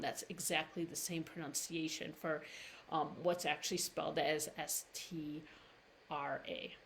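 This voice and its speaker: A woman teaching pronunciation in a live-streamed lesson, drawing words out slowly and breaking them into syllables. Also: on the low side, a bit bright, slight background noise. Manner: slow, drawn-out demonstrations of words, syllable by syllable. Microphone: livestream camera mic.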